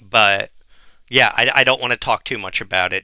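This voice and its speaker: Gravelly bright-voiced man, podcast co-host. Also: on the low side, normal speed, no room sound. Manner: animated, laughs while telling stories; mimics voices in quoted anecdotes. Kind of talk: casual chat.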